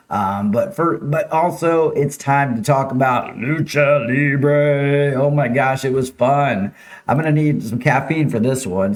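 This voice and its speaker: A man hosting a casual live-streamed local news show, chatting with viewers and talking over slides. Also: on the high side. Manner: chatty, upbeat, reads viewer names and slides aloud.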